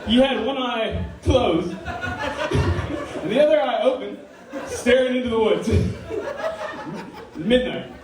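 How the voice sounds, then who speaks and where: Young male college comic, high voice, giggly storyteller, recorded far off in an echoey room. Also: slow pace, long pauses, a crowd in the background. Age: young adult. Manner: animated storytelling, laughing through his lines. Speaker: club president and comedian. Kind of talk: stand-up comedy. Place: campus comedy venue. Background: audience laughing.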